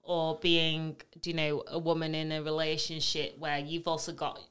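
Earnest woman with a lowish voice. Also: monotone, moderate pace, fairly bright tone, a little hiss or hum. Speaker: podcast co-host, journalist. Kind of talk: casual chat.

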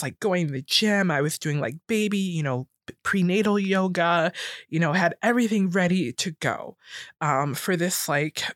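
A woman in her thirties telling a personal story in casual talk, jumping up in pitch when she quotes people. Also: no echo, clean studio sound. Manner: animated, acts out quoted voices higher.

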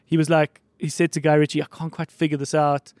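A male podcast host in casual chat, rambling quickly with lots of fillers and the odd swear. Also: a little high, level tone, a little mellow, no echo. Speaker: podcast host running a mock video store.

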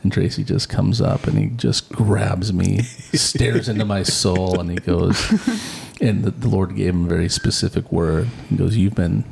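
A man co-hosting a podcast interview, telling stories in a lively way and laughing often. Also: low-pitched, moderate pace, creaky, a little hiss or hum. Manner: animated storyteller, laughs often, acts out quotes. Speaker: podcast co-host. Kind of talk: casual interview chat.

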